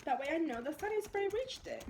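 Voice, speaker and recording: A young woman vlogging at home, chatting excitedly and rambling through a makeup tutorial with lots of likes and ums. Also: very high voice, fairly quick, slight background noise.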